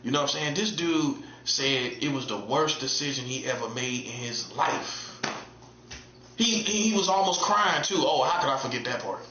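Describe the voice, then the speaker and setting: A man's voice: mid-range voice, expressive, normal speed, background noise. A man giving a casual, emphatic monologue as an online preacher, repeating himself in street slang. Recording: echoey room, dull lo-fi sound.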